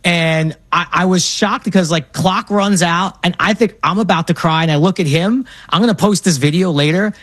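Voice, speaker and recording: A man in his thirties from Brooklyn with a New York accent, telling stories with animated enthusiasm. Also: high-pitched, normal speed, hardly any pauses, no room sound. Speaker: guest. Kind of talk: casual chat.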